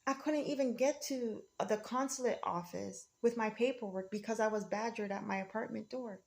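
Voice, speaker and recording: A woman's voice: a little high, normal speed, vocal fry. A woman speaking in an emotional, rambling monologue, defiant and often repeating herself.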